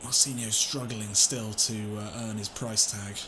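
Excitable gamer commentating football. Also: male voice, on the low side, unhurried, slight background noise. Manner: excitable, swings from calm muttering to shouting and laughing. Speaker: gaming YouTuber. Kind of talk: let's-play football game commentary.

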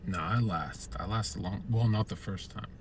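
Crude low-voiced man chatting to his stream. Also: normal speed, slight background noise. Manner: crude, rambling, joking. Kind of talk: casual chat with viewers. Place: parked car.

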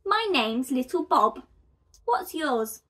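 A small, bold bunny boy with a cheerful, plucky way of talking, as a woman reads him aloud in a children's storybook. The voice sits a little high and moves at an easy, slow pace. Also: sing-song, a bit bright, exaggerated voice. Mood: eager. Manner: eager and plucky.

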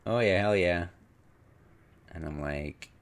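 A man casually commenting on a game replay, rambling and retelling his own reactions, with sudden excited exclamations. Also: low-pitched, slow, slight background noise. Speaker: gameplay commentator.

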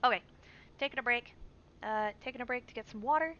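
A woman's voice: fairly high pitch, fast talker, sharp tone. A woman streamer giving chatty, jumpy live commentary while playing a survival game, reading on-screen text aloud. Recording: dull stream mic with faint hiss.

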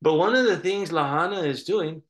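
Male pastor, slightly high voice, animated rambling sermon delivery. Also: normal speed. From United States. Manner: rambling, animated storytelling with restarts.

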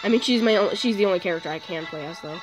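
A young woman hosting a gaming channel, chatting casually, often swearing and yelling at the game. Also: mid-range voice, racing, low-quality recording. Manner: swears a lot, yells at the game. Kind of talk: casual gameplay chat. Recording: music playing behind.

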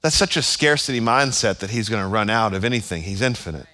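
Bright, forceful preaching man. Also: fairly low pitch, expressive, fast. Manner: emphatic preaching with repeated phrases. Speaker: pastor. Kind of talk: sermon. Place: church service.

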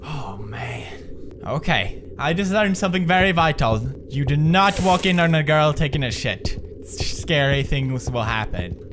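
A man's voice: fairly high pitch, animated, moderate pace, over loud music. A man doing horror game commentary, jumpy, sarcastic and profane. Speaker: gaming video creator.

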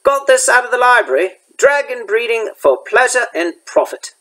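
A man's voice: extremely high pitch, big pitch swings, normal speed, sharp tone, pitched above the performer's own voice, full character voice, poor audio. A man reading aloud as a big, blunt groundskeeper with a rustic dialect. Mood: pleased. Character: big gruff kindly groundskeeper man, proud. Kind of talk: reading a chapter book aloud.

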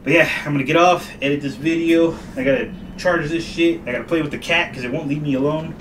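A man giving casual, excitable commentary while playing a VR game at home, swearing freely and letting out sudden whoops. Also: fairly high pitch, fast, few pauses, distant mic, noisy background. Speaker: VR gamer. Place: home room. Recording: roomy, from off the mic, with game music.

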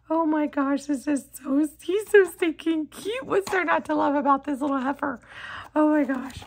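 A woman who is losing her voice chats casually while unboxing gifts, gushing and excitable, and she says "oh my gosh" again and again. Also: sits high, measured pace. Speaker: crafting vlogger.

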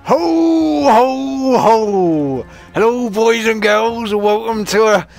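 A jolly old Father Christmas put on by a man booms out a hearty greeting. The voice sits well above the man's own, with a strained, theatrical barrel-chested lift. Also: expressive, slow, vocal fry, a little mellow, faint music behind, full character voice. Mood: jolly, booming. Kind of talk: gaming commentary intro in character.

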